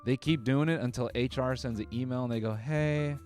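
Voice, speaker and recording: A man's voice: medium pitch, fast talker, darkish tone, soft background music. A man hosting, riffing on viewer clips in wry, rambling comedic commentary full of fillers and restarts. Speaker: comedian host reacting to clips.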